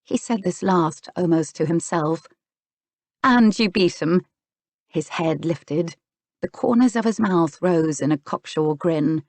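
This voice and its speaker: A woman narrating a romance audiobook in an even storytelling manner. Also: low voice, unhurried, no room sound. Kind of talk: scripted narration.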